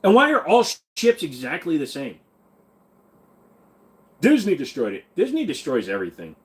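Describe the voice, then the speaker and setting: A man's voice: a little high, huge pitch swings, moderate pace. A man hosting a casual livestream who reads viewer comments aloud and answers them in a blunt, irreverent way. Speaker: livestream host reading chat.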